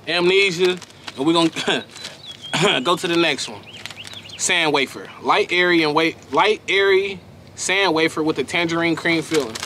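Young male vlogger, high and bright, emphatic slangy snack-review delivery. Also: slight background noise. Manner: slangy, emphatic, repeats himself. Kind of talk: casual unboxing review.

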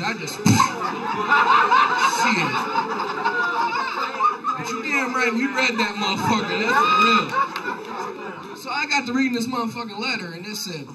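A young male comedian with a high voice works a bar room in a loose, rambling, profane stand-up set. The audience laughs loudly behind him throughout the live recording. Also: animated, moderate pace, pauses often, distant mic, a crowd in the background, rough recording.

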